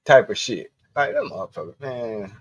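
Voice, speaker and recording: A man's voice: mid-range voice, very animated, normal speed, fairly bright tone, dry recording, highs cut off. A man hosting a livestream, telling loose, profane stories with frequent laughter. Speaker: livestream host. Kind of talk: casual storytelling.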